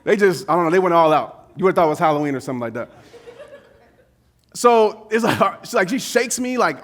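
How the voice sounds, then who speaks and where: A man in his thirties giving a motivational keynote, telling a story in a lively, conversational way, acting out quotes and laughing often. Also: high-pitched, a little fast. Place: conference stage before a live audience.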